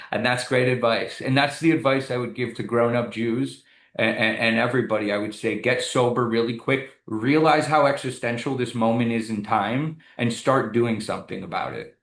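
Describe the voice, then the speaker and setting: A man speaking as a guest in an interview, an animated and emphatic storyteller. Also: medium pitch, moderate pace, roomy sound. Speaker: guest, community advocate. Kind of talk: conversational interview.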